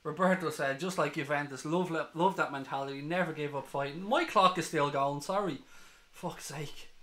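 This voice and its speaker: A man streaming a live football watchalong, ecstatic and swearing, reading chat messages aloud, hoarse from screaming. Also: fairly high pitch, moderate pace, pushed and bright, roomy sound.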